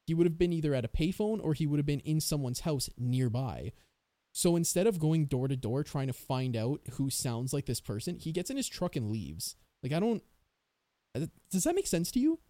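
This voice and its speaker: Male podcast host, casual true-crime chat, mellow tone, dry close mic, faint music under. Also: on the high side, very animated, normal speed, no room sound. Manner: rambling, sarcastic, thinks aloud.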